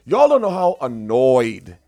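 A Bahamian man co-hosting a casual talk show, lively and quick to jump in. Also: medium pitch, faint music behind. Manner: animated, quick to interject. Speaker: podcast co-host. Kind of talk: casual chat.

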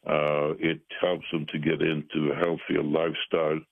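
A pastor speaking as a radio guest over the phone, earnest and halting, with many pauses and fillers. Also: male voice, very deep voice, monotone, gravelly, no echo. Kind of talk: radio call-in conversation. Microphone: telephone. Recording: tinny phone line.

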